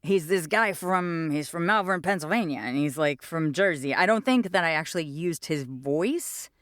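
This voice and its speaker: A woman in her fifties, a stage actor being interviewed, telling stories in a lively, rambling way. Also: low-pitched, normal speed, dry recording, clean studio sound. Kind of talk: casual interview chat.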